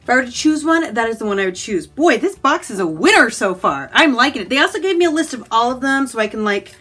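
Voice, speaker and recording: A bright, fairly high-voiced American woman talks her way through a book subscription unboxing in an easy, chatty way. She reacts with gasps and quick asides as each item comes out. Faint music plays softly behind her. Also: sing-song, slightly rough. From United States. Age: adult, married. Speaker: book box unboxing vlogger. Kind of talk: casual unboxing chat.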